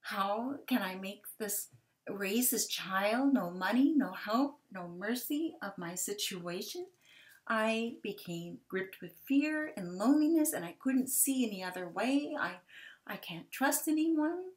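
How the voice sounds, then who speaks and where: A woman in her forties giving a personal testimony talk for a ministry, gentle and halting, with hesitant restarts. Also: mid-range voice, lively intonation. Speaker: ministry speaker sharing testimony.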